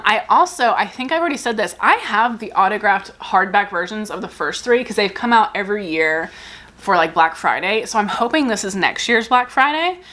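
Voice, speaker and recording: A woman's voice: medium pitch, pushed and bright. A young woman chatting casually in a book vlog, rambling and giggling as she gushes and cuts herself off. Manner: rambling, giggly and gushing, self-interrupting. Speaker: book vlogger. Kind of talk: casual chat.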